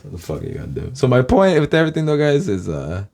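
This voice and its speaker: A man's voice: mid-range voice, wildly swooping pitch, fast talker, creaky, darkish tone. A man from Los Angeles, a YouTuber, rambling casually to his viewers, swearing constantly and calling them guys.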